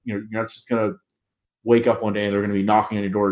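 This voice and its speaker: A man's voice: on the low side, level tone, rapid-fire, a little mellow. A middle-aged man co-hosting a business podcast, talking casually and correcting himself often as he works through his points. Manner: rambling, self-correcting, many restarts. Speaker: podcast co-host.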